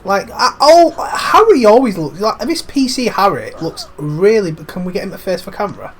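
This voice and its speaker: Rambling gamer with a cold. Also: male voice, sits high, sing-song, normal speed, fairly bright tone. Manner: cheeky, rambling, swears lightly. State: has a cold. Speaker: gaming commentator. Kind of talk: casual let's-play commentary.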